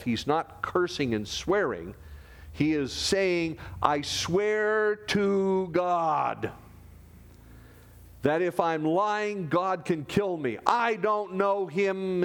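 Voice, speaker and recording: A male pastor with a slightly high voice preaches a sermon earnestly and conversationally, now and then dropping dramatically to a hush.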